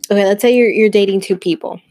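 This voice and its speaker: A woman's voice: mid-range voice, quick pace, no echo. Chatty woman hosting a casual talk. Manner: animated storyteller, leads with questions. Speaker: host. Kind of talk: casual chat.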